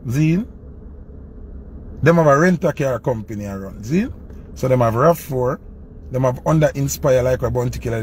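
A man with a Jamaican accent, a dancehall selector telling a personal story in an animated, rambling way. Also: mid-range voice, a little hiss or hum. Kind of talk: casual storytelling to camera.

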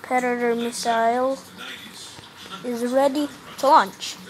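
A woman's voice: fairly high pitch, fairly even intonation, takes it slowly, crowd noise, poor audio. A young woman giving casual, joking commentary over her own gameplay, often exasperated. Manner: frustrated, joking, sings silly bits. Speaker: gaming vlogger.

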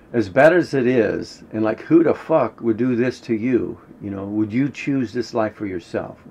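A man talking casually and rambling as he teaches a spiritual technique, clearing his throat often and swearing now and then. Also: medium pitch, lively intonation, unhurried, a little mellow. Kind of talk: casual instructional monologue. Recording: dull lo-fi recording with faint noise.

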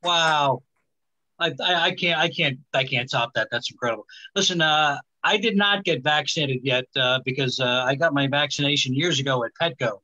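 Bright-voiced man doing stand-up comedy. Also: medium pitch, muffled recording. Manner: halting delivery with many uh fillers. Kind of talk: stand-up routine. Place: live comedy stage.

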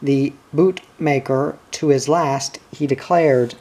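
A man reading an audiobook in a measured, even narration. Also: mid-range voice. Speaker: audiobook reader.

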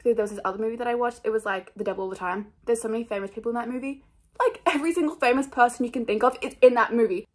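A woman's voice: fairly high pitch, rapid-fire, a little mellow. A young woman chatting casually about her book picks in a rambling, scattered, self-mocking way, full of fillers. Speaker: book vlogger. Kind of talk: casual chat.

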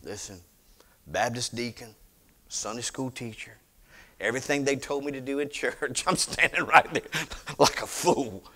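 A middle-aged man, preaching a sermon as he tells a personal story, swinging from loud declarations to hushed retellings. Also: medium pitch, normal speed. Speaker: pastor.

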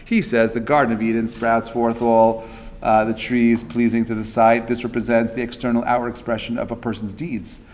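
A man's voice: medium pitch, level tone, normal speed, a little mellow. A man giving a casual, interactive class. He talks loosely, with many fillers and restarts, and acts out the quotes he tells. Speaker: Torah class teacher.

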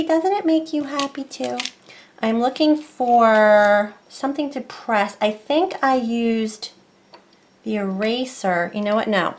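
A woman's voice: mid-range voice, a little hiss or hum. A woman talks her way through a crafting tutorial at home. Her chat is loose and rambling, full of restarts and asides. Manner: rambling, chatty, self-interrupting. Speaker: craft vlogger.

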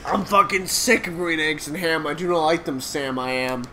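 A drunk man co-hosting a gaming stream, swearing loudly and getting sentimental with his viewers. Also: on the high side, moderate pace, slight background noise. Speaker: co-host of a gaming channel. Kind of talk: drunk let's-play banter.

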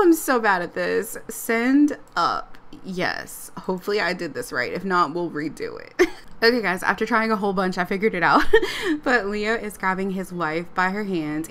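A woman casually narrating her life-sim game play, excited and giggly. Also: mid-range voice. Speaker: let's play creator.

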